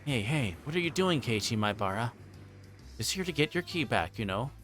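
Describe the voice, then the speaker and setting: A man's voice: medium pitch, sing-song, normal speed, a bit bright, faint music behind. A man voicing a playful teenage girl who mocks and teases someone in a game read-aloud. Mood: teasing. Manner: playful, mocking.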